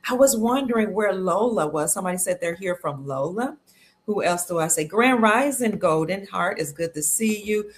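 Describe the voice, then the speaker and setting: A woman from Cleveland, Ohio, USA, hosts a casual livestream, speaking at a normal speed in an expressive mid-range voice. She's chatty and upbeat as she greets viewers and reads their comments aloud.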